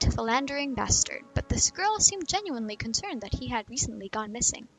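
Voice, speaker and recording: Brief: woman, gravelly edge, mid-high voice, casual let's-play reading with asides. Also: lively intonation, fairly quick, few pauses, faint music behind, rough recording. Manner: chatty, reacts between lines. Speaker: gamer reading a visual novel aloud. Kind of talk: casual let's-play commentary with narration read aloud.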